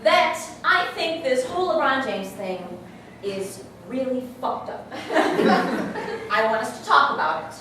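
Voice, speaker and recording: Woman improvising a high-voiced, defensive young Frenchwoman; distant mic, booming room, noisy. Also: expressive, slow, sharp tone, heavy reverb, full character voice. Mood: opinionated. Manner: laughing often, blunt and defensive. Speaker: improv performer. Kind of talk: improvised comedy scene.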